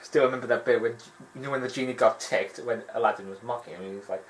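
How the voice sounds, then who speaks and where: A man giving rambling, animated gaming commentary and laughing often. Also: medium pitch, fast, rough recording. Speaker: let's play host.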